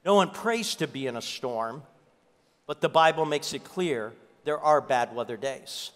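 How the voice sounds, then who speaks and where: A man with a high, ringing voice preaches to his church, telling stories and hammering points home by repeating them. His voice carries a long reverb through the hall. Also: animated, unhurried. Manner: storytelling preacher, repeats key lines for emphasis. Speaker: pastor. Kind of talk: sermon.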